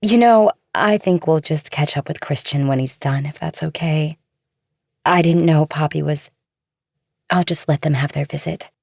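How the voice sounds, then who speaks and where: A husky, caring young woman. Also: deep voice, moderate pace, no room sound, clean studio sound. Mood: polite. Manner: soft, earnest pleading. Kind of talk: audiobook dramatization.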